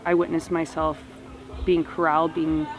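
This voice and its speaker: A man, a protester, describing in an interview what happened to him, in a steady storytelling manner with frequent fillers. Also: a little high, moderate pace, soft background music. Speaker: protester recounting events. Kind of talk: documentary interview recollection.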